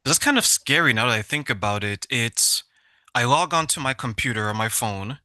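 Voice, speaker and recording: Very bright-voiced man asking reflective questions. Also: mid-range voice, animated, moderate pace, no echo. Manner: reflective, asking questions by voicing a listener's doubts. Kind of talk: casual conversation.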